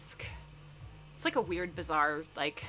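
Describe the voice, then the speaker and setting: A woman's voice: low voice, expressive, unhurried, bright, forceful tone, faint music behind. A young woman with a Southern US accent hosting a live stream, chatting casually and reading out chat messages in a rambling, self-deprecating way. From Southern United States.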